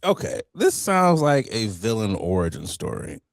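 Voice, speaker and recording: A man's voice: lowish voice, very animated, normal speed, no echo, clean studio sound. A man co-hosting a casual podcast, joking and laughing often as he talks. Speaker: podcast co-host.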